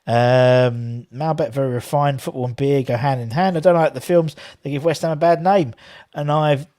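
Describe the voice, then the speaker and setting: A man's voice: mid-range voice, fairly even intonation, moderate pace, dark tone. A man hosting a casual football fan live stream, chatting and rambling while reading out viewer comments. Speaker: fan channel host.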